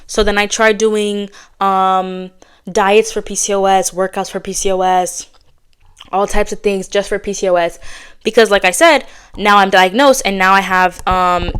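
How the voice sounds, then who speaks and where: Chatty woman podcaster, smooth voice. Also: mid-range voice, a bit bright. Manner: fast, chatty and blunt, with casual slang. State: slightly out of breath. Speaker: podcast host. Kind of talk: candid casual chat.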